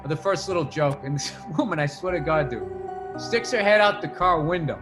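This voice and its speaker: A man's voice: a little high, animated, fairly quick, music in the background. A man telling a long profane story in casual podcast chat, getting fired up as he rants. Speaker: podcast guest comedian.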